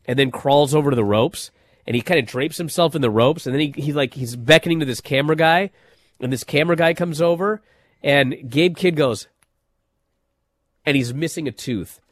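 A man hosting a casual wrestling chat, telling stories in an animated way with many fillers and restarts. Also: fairly high pitch, moderate pace, no room sound. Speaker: wrestling podcast host.

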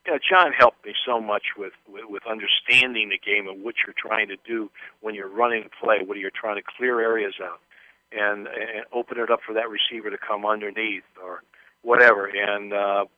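A man's voice: fairly low pitch, fairly even intonation, normal speed, dry recording. Older man telling stories over a phone line. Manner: rambling, anecdotal, with many restarts. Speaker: guest, former pro football player. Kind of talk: casual interview storytelling.

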